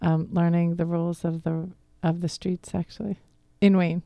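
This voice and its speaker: Middle-aged woman, Philly accent touched by Boston, rambling radio guest, smooth and dry. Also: fairly low pitch, level tone, moderate pace, no room sound, highs cut off. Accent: Philadelphia with some Boston. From Philadelphia area. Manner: rambling, friendly storytelling. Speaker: guest, divorce coach. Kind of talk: radio interview. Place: radio studio.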